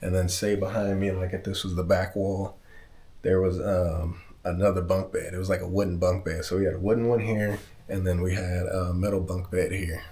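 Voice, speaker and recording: A man's voice: low voice, level tone, normal speed, warm tone. A man from Southern California telling a personal story in a casual vlog, rambling, swearing and backtracking as he goes. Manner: rambling, profane, backtracks often. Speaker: vlogger.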